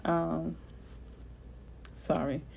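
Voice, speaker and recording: Animated woman realtor chatting with viewers. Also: low-pitched, drawn-out words, vocal fry, poor audio. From Florida. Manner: animated, slangy, reads out viewer comments. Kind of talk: casual livestream chat with viewers.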